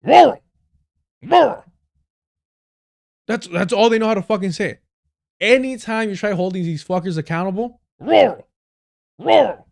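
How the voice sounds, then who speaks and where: A man's voice: high voice, fairly quick. A man hosting a live stream, reacting to clips in heated, sarcastic, profanity-laced commentary. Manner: heated, sarcastic, swears a lot. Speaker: livestream commentator.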